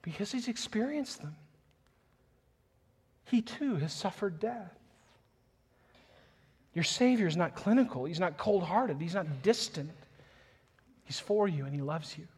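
Pastor, male, slightly high voice, earnest sermon delivery that swells into passionate emphasis. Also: expressive, measured pace, pauses often, slightly rough. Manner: reads scripture aloud, chuckles softly.

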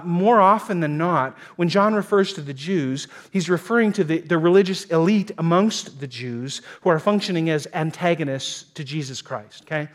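A man preaching a sermon in a slightly raised voice. He is earnest and emphatic, acting out the quotes he reads and often stumbling over his words. He talks to his congregation as their pastor. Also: a little high. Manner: frequent stammered restarts.

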